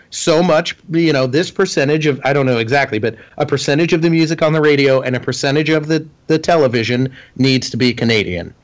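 A man co-hosting a casual movie podcast with a fairly high voice. He talks in a chatty, enthusiastic way and swears freely. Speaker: podcast co-host. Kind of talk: casual chat.

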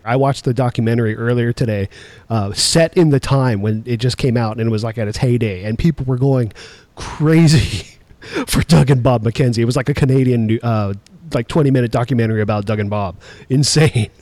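Man, 40s, podcast co-host, mid-range voice, nostalgic, animated, dry recording. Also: mid-range voice, brisk, no echo. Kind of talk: casual chat.

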